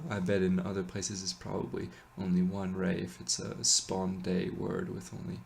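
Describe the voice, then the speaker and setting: A man explaining a chant melody in a relaxed, halting way, pausing often with fillers and correcting himself. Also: sits low, vocal fry. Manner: hesitant, many ums and self-corrections. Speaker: chant teacher. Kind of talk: casual explanation with sung chant examples.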